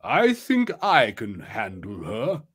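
A man reading a calm old male wizard in a low, hushed, measured voice. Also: slightly rough, heavily acted.

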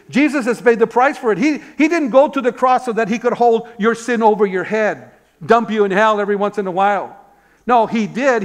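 A man with a high voice preaches a sermon from the pulpit. He tells a story, throws rhetorical questions at the congregation and calls out amen, now and then repeating a word while he searches for the next. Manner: repeats words when searching for them. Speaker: pastor.

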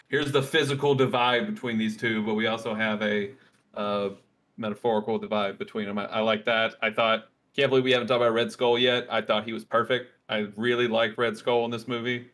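A man's voice: fairly low pitch, steady tone, a little fast, a bit bright. A man co-hosting a podcast in casual chat, talking with frequent ums and restarts. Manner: chatty, hesitant with ums and likes. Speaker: podcast co-host.

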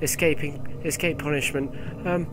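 A man hosting a gaming video, commenting casually with excitable, swearing, panicky outbursts. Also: a little high, moderate pace, music in the background.

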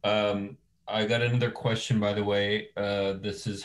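A man's voice: on the low side, level tone, a little slow. A man hosting a live chat, reading out viewer questions with playful quips. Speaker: host. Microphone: video call.

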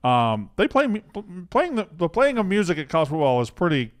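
A man's voice: on the high side, wildly swooping pitch, fairly quick. A man with a Southern American accent, co-hosting a sports podcast, teasing his co-hosts with crude jokes. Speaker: podcast co-host. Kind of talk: casual chat.

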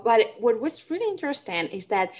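A woman's voice: fairly high pitch, brisk. Spanish-accented woman professor answering questions. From Spain. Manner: animated, frequent "right?" tags. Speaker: psychology professor. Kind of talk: lecture Q&A answers.

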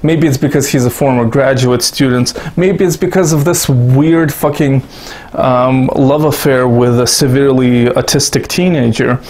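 A Russian-born man rambles through casual commentary for his online audience. He is sarcastic and profane, with frequent self-mocking asides. His pitch sits in an ordinary middle range for a man. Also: fairly even intonation, normal speed, a little mellow. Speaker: YouTube commentator.

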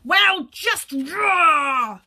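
A woman voicing a grumpy male wolf in a children's story, roaring loudly and grumbling. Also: extremely high pitch, expressive, extremely slow, pitched above the performer's own voice, heavily acted. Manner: shouted roars, grumbling.

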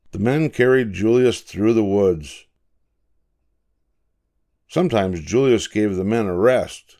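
An older man reading a children's picture book aloud, slow and expressive like a grandfather. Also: on the low side. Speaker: storybook reader.

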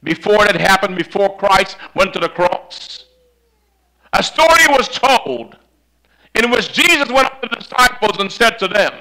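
A man preaching a sermon, telling a story in a dramatic way that swings from loud to hushed, on a microphone that cuts in and out. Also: sits high, lively intonation, normal speed, rough recording. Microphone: handheld or stand mic that cuts out.

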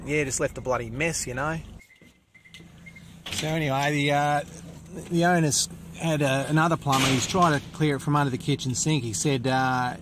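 A man's voice: medium pitch, noisy background. A man with an Australian accent hosting his drain-cleaning vlog, talking to camera in a blunt, matey way and swearing casually. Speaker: drain cleaner and channel host.

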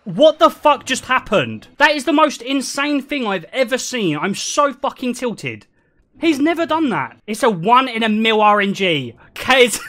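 A young man commentating his own speedrun live, excitable and swearing a lot, swinging from low muttering to sudden shouts. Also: slight background noise. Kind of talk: live gaming stream commentary.

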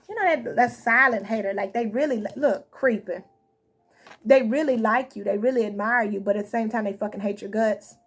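A woman's voice: on the high side, breathy edge. A woman giving a casual tarot reading to her viewers, blunt and chatty, swearing freely and calling them y'all and honey. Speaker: tarot reader.

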